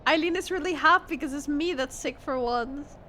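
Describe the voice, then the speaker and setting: A woman's voice: sits high, normal speed, pushed and bright, a little hiss or hum. A woman streamer chatting casually with her viewers about her cat, her voice nasal from a cold, swearing and laughing often. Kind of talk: casual live-stream chat.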